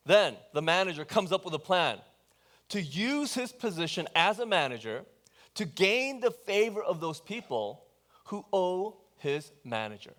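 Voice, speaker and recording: A man's voice: sits high, big pitch swings, unhurried, fairly bright tone. A man preaching a sermon, talking with the congregation in a conversational, questioning way and telling the story with animation. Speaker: pastor.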